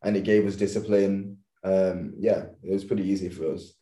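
A man in his thirties from England talks easily about his life as a dancer. He laughs often and keeps a loose, casual manner. His voice sits low, and the room behind it echoes. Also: moderate pace. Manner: laughs often, relaxed and easygoing. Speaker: podcast guest, professional dancer. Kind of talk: casual interview chat.

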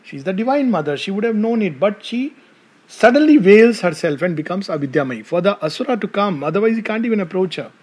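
A man's voice: sits high, fairly quick, slightly rough. A man with an Indian English accent giving a devotional talk to an audience, telling stories and asking the listeners questions. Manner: animated storytelling, asks the audience questions. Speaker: spiritual speaker.

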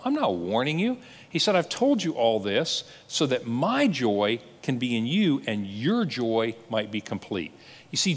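A man preaching a sermon as a pastor in a conversational, animated way. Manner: animated, conversational preaching with lively pitch swings. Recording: long hall reverb.

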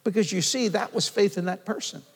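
A man's voice: high voice, fairly quick, slightly rough. Older man preaching in a reverberant hall. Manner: animated storytelling, calls and responses with the congregation. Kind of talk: sermon.

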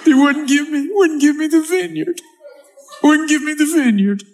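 A man's voice: very high-pitched, moderate pace, voice pushed up. A man voicing a sulking king who whines like a spoiled child, in a sermon. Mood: whining. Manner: petulant whining. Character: whiny sulking king, grown man acting like a baby.

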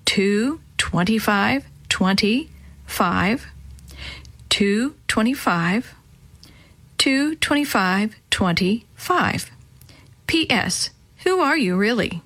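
A woman's voice: a little high, animated, normal speed, a bit bright. A woman voicing a curious, determined young boy in a children's audiobook, speaking eagerly.

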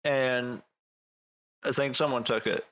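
Halting, wry man playing a tabletop game. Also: mid-range voice, fairly even intonation, a bit bright. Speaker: player.

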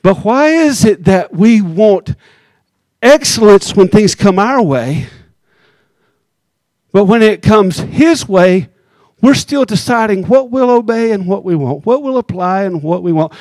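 A pastor preaches a sermon conversationally, teasing his congregation and slowing down hard on key words. His voice is high with lively intonation and a darkish tone, captured in a dry recording.

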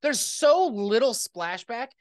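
A man's voice: very high-pitched, lively intonation, takes it slowly, no echo. A man in his thirties, a podcast co-host chatting casually with dry, teasing humor. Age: 30s. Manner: dry, teasing, wordplay jokes. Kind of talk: casual chat.

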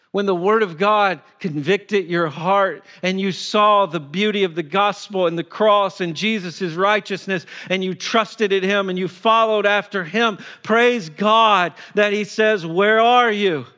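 Male pastor with a high voice for an emphatic, unhurried sermon. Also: sharp tone. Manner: emphatic, repeats rhetorical questions.

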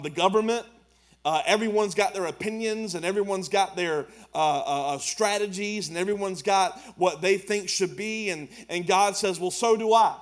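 Man, high-pitched voice, pastor's sermon, emphatic colloquial preaching. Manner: preaching with rising emphasis and Southern colloquial speech.

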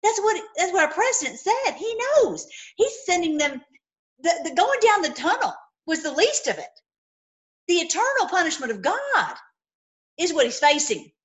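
A woman giving an informal, impassioned sermon, swinging between loud outbursts and low murmurs, with many repeated words. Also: very animated, normal speed. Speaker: preacher.

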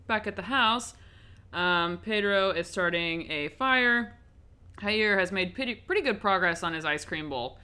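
A woman's voice: mid-range voice, animated, measured pace, sharp tone, clear, resonant tone. A woman giving a casual, chatty recap and review of a horror film, with frequent ums and likes.

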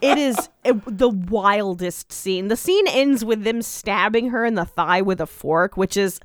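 Smooth, dry-sounding woman recapping chattily. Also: mid-range voice, a little slow, dry recording. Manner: chatty, many "um" and "like" fillers, acts out quotes. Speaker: podcast co-host. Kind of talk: casual recap chat.

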